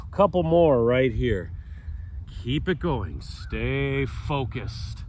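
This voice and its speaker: A man in his fifties leading a morning stretch outdoors, upbeat and jokey, a little stuffy and clearing his throat now and then. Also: medium pitch, big pitch swings, very slow, a little mellow, slight background noise. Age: 50s. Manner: upbeat, jokey, cues movements while doing them. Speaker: fitness coach. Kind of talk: guided stretching instruction. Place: outdoors on a mat on grass.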